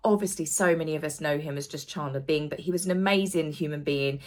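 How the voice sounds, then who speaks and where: A woman's voice: deep voice, quick pace, a little mellow. A woman hosting a royal news channel in a chatty, gossipy manner, with tongue-in-cheek asides. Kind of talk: casual commentary vlog.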